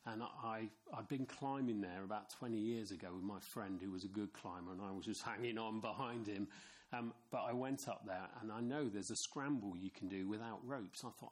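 A man's voice: fairly low pitch, brisk. A middle-aged man from England preaching a sermon in a chatty, storytelling way, with asides to his listeners. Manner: conversational, anecdotal, with asides to the congregation.

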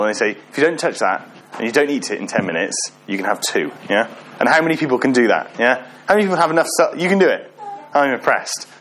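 A man's voice: a little high, a bit bright. A man giving an informal sermon, often asking the congregation questions and joking with them. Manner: chatty, asks the audience questions, self-deprecating humor. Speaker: preacher.

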